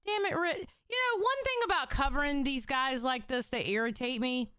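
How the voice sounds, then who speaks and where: A woman's voice: sits high, lively intonation, moderate pace, sharp tone, clean tone, no room sound, studio quality. A woman streamer reacting casually, loose and profane, often repeating herself. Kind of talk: casual live-stream commentary.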